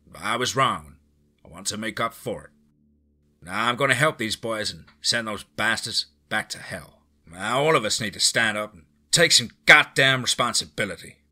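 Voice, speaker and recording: Angry blunt rancher, heated, husky bright tone, faint music, man voicing. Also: on the low side, lively intonation, fairly quick, full character voice. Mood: bitter. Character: angry older male beef rancher, blunt.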